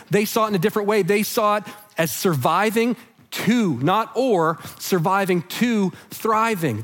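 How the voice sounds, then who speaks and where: A man preaching a sermon in church, earnest and conversational, often dropping soft and low on heavy lines. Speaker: pastor.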